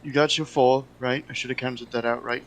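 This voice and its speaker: A man's voice: mid-range voice, fairly even intonation, a little fast, poor audio. A man playing a tabletop role-playing game, describing his character in an easygoing way. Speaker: player. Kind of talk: casual tabletop play.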